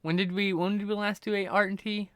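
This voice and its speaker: A man's voice: high-pitched, level tone, brisk, a bit bright, clean tone, no echo. A man streaming live and chatting casually, rambling and now and then breaking into silly noises.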